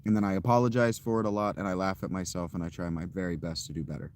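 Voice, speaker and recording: Low-voiced man chatting candidly. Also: fairly even intonation, fast talker, a little mellow. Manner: candid, rambling and self-deprecating. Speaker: streamer. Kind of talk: casual chat to a live audience.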